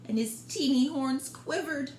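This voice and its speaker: A woman librarian reading a picture book aloud for storytime, expressive and gentle, talking directly to young listeners. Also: sits high, a little slow, a little hiss or hum. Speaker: children's librarian. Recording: roomy room echo.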